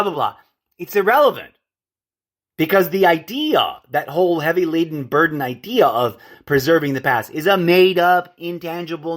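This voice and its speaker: A man's voice: a little high, a bit bright. A man hosting a podcast in a solo monologue, ranting and digressing, often stopping to correct his own words and calling his listeners folks. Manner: addresses listeners as folks and friends. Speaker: podcast host.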